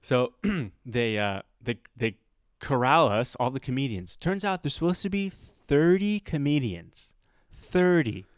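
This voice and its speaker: A man's voice: medium pitch, measured pace, no echo, clean studio sound. A man hosting a podcast, telling a story in casual chat and acting out the people in it. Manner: animated, acts out other people's voices. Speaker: podcast host.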